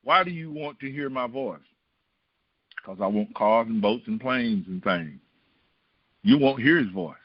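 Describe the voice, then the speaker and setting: A man's voice: mid-range voice, huge pitch swings, measured pace, vocal fry, long pauses, no echo, lo-fi sound. A middle-aged man preaching a storytelling sermon, often putting questions to the congregation. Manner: asks the congregation rhetorical questions.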